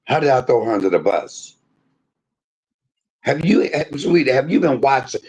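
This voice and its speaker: Man, husky, livestream rant, aggrieved, very lively pitch, swearing at viewers. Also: moderate pace. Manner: aggrieved, swings between loud outbursts and low muttering; swears freely, talks straight to viewers. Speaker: livestream host.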